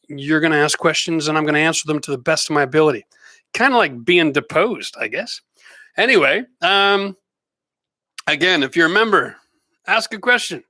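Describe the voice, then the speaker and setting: A man's voice: sits high, bright, forceful tone, no room sound. A middle-aged man hosting a live renovation Q&A stream, chatting casually, joking and greeting viewers by name. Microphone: close microphone.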